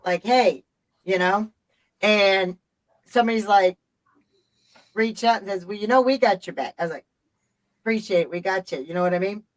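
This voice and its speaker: A woman's voice: medium pitch, moderate pace, pauses often, poor audio. A middle-aged woman hosting a live stream, telling a story in casual chat, with an emphatic, profane and rambling delivery.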